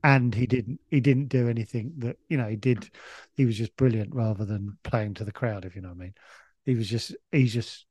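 Comedian guy rambling thru a gig story, mid pitch, bone dry sound. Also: darkish tone, dry recording. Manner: rambling, stop-start storytelling with swearing. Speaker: comedian guest. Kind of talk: casual anecdote on a podcast.

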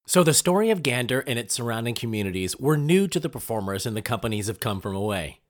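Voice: mid-range voice, very animated, fast. A narrator reading a scripted documentary narration.

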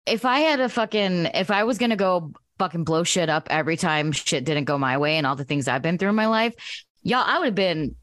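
A woman's voice: on the low side, fairly quick, fairly bright tone, dry recording, clean studio sound. Blunt, swearing woman ranting. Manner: blunt, profane, heated ranting. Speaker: podcast co-host. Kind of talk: casual chat.

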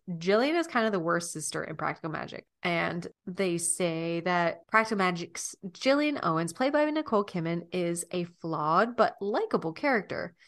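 A woman's voice: lowish voice, a bit bright. A woman in her thirties co-hosting a podcast, chatting casually and reading snippets aloud. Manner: laughing, chatty, reads article snippets aloud. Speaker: podcast co-host. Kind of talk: casual chat.

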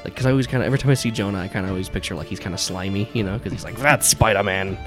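A man narrating as game master in a rather low voice, describing scenes in a loose, rambling way full of "like" and restarts. Music plays clearly in the background. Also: very fast.

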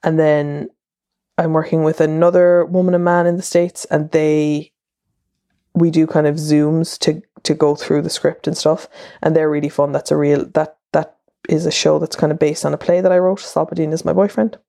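A woman's voice: low-pitched, flat delivery, moderate pace, gravelly, warm tone, dry recording, clean studio sound. An Irish woman in her thirties hosting a podcast, talking in a chatty, rambling monologue that wanders and restarts itself. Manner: chatty, wandering, self-interrupting. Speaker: podcast host and columnist.

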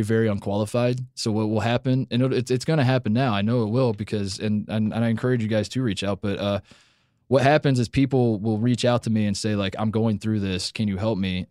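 Low-voiced young guy rambling on his podcast, dry sound, keeps restarting. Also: a little mellow, no echo. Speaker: podcast host. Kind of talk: casual podcast chat.

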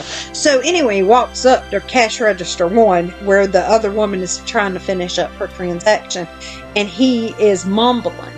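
A woman's voice: medium pitch, normal speed, faint music behind. A woman podcast host telling a long story in casual chat, blunt and self-deprecating, with casual swearing.

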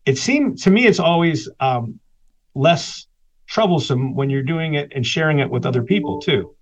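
A man's voice: a little high, animated, moderate pace, lo-fi sound. A man, a guest author, animatedly telling a personal story in conversation, laughing between lines.

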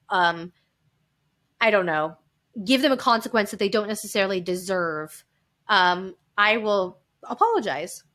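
Bright-voiced woman telling candid stories. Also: mid-range voice. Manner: open and animated, laughs often. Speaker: podcast guest. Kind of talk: candid personal storytelling.

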